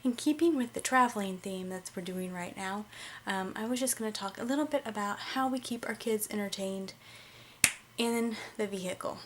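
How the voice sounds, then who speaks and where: A woman's voice: mid-range voice, normal speed, noisy background. A woman, a mom vlogger, chatting casually to camera with lots of "um" fillers, a little out of breath. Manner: relaxed and chatty, many "um" fillers.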